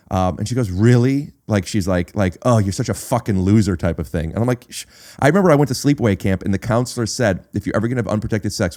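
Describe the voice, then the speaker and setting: A man's voice: fairly low pitch, warm tone. A man hosting a podcast, telling a personal story in casual chat, often stopping to repeat words and say uh. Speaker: podcast host.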